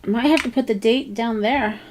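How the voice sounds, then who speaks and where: A woman's voice: a little high, moderate pace, a little mellow, a little hiss or hum. A woman hosting a crafting tutorial, thinking aloud in a casual, hesitant way with many ums and bits of self-talk. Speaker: craft channel host.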